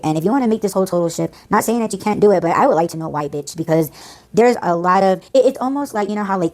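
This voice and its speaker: A woman's voice: fairly low pitch, darkish tone. A woman hosting a casual podcast, ranting in a blunt, profane, exasperated way. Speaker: podcast host.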